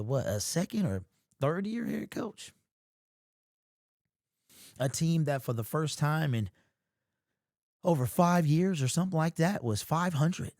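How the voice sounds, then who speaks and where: A man hosting a sports fan vlog, talking in casual, animated commentary with slangy, emphatic exclamations. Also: medium pitch, no echo, clean studio sound. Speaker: sports fan channel host.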